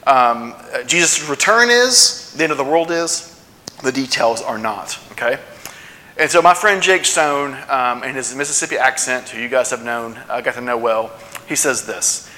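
A man's voice: mid-range voice, lively intonation, normal speed, sharp tone. A man preaching a sermon to his congregation in a conversational way, often checking in with questions. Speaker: pastor. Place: church sanctuary. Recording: long church hall reverb.

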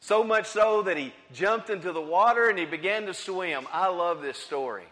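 A man preaching a sermon, dramatic and repetitive, swinging between loud and hushed. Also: high-pitched, normal speed, in a large hall.

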